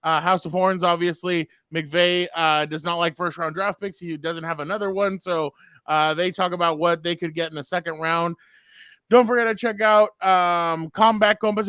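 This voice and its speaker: A male podcast host closing the episode with casual promotional plugs and frequent filler pauses. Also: high-pitched, sharp tone, clear, resonant tone, no echo. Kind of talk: casual sports podcast outro.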